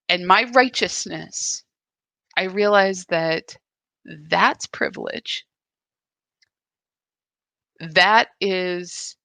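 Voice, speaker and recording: Slow, bright-voiced woman, earnest and reflective. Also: mid-range voice, gravelly, dry recording. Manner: earnest, confessional, searching. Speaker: spiritual practice host. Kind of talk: live reflective spiritual talk.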